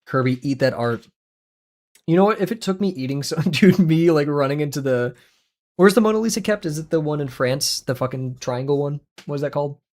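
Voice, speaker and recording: A young man streaming his drawing sessions, chatting casually with viewers in a rambling, excitable way and laughing often. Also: a little high, brisk. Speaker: art livestreamer.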